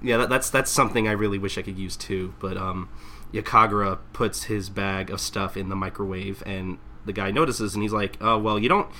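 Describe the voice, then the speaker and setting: A young man hosting a podcast, casually recapping manga chapters, laughing and acting out characters in quick voices. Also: low-pitched, flat delivery, sharp tone, slight background noise. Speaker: podcast host.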